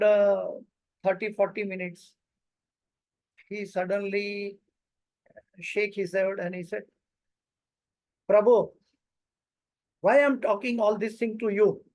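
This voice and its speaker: Man, high voice, halting personal storyteller, dry recording. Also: dry recording, low-quality recording. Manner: halting, many uh fillers, non-native English grammar. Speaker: devotee recounting a memory.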